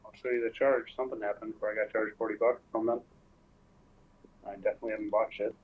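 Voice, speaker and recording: A man's voice: fairly low pitch, level tone, quick pace, husky, phone-quality sound. A man chatting casually as a player at a tabletop game, joking and offhand. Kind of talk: casual chat.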